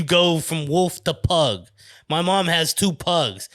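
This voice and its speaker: East coast guy rambling solo on his podcast, swears a lot, laughs a bunch, kinda high voice, dry close sound. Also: lively intonation, slow, fairly bright tone, dry recording. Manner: loose, profane, laughs often. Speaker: podcast host. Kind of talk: rambling casual monologue.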